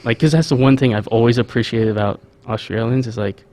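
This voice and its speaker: A man's voice: medium pitch, brisk, warm tone, a little hiss or hum. A young American man hosting a casual interview, asking curious questions. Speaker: host.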